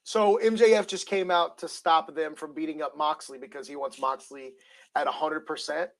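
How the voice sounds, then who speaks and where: A man's voice: a little high, moderate pace. A man co-hosting a casual podcast chat, telling stories and acting out his own reactions. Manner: animated storyteller who acts out his own reactions. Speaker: podcast co-host.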